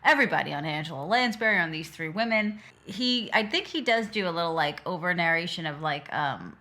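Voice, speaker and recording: A woman's voice: fairly low pitch, expressive, brisk, bright, forceful tone. A woman co-hosting a movie podcast, recapping the plot in casual chat. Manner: recaps the plot, laughs along. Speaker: podcast co-host.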